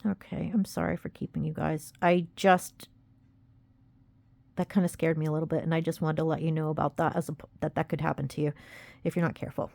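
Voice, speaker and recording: This dry recording captures a young woman with a low, gravelly, darkish voice speaking fairly quickly in a level tone. Near tears and upset, she rambles through a casual confessional vlog, frustrated and hard on herself as she warns viewers.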